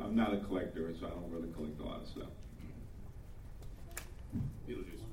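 A man's voice: on the low side, noisy background. An older male actor telling chatty stories at a panel Q&A, chuckling often. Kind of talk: panel Q&A storytelling. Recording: echoey room, distant mic, faint ambience.

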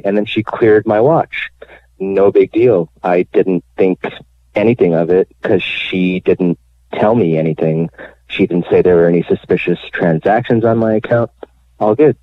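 Low male caller, candid and chatty, heard over a dry phone line. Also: normal speed, dry recording. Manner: candid, animated storytelling with many fillers. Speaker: guest telling his bank fraud story. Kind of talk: radio interview.

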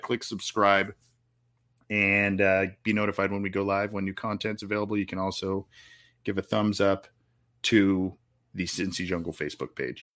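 A man's voice: low voice, sharp tone. A man hosting a live sports talk show, upbeat and rambling, often repeating words as he talks. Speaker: podcast host. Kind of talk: casual live-stream chat.

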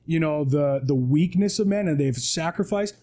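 A man with a fairly high pitch and a warm tone talks at a moderate pace. He's a podcast guest in the studio, preaching with emphasis in an animated motivational talk and often closing his points with "right?"

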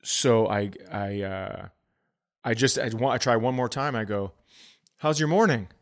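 Animated storytelling man, swearing. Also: lowish voice, unhurried. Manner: animated, swearing, voices others in quotes. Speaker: podcast co-host, comedian. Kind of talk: casual storytelling chat.

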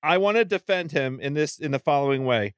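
A man's voice: fairly high pitch, expressive, a little fast, clean tone, no room sound, studio quality. A man co-hosting a podcast, chatting casually about golf in a laid-back way with lots of fillers. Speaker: podcast co-host.

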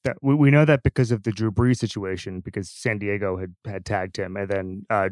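A man's voice: medium pitch, dry recording. A man hosting a sports podcast, talking casually and emphatically with frequent restarts. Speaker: podcast host.

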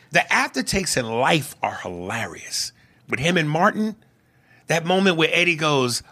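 A gravelly-voiced man co-hosting a casual movie podcast, his pitch swooping all over as he rants. He talks with profanity and breaks into mocking impressions, with a bright, sharp edge to the voice. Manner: animated, profane, does mocking impressions, shouts when riled. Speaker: podcast co-host.

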